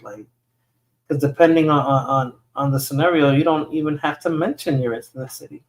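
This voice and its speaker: Higher-voiced man chatting on a livestream. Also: fairly even intonation, fairly quick. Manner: conversational, repeats words while thinking. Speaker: livestream host reading chat. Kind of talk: casual livestream commentary.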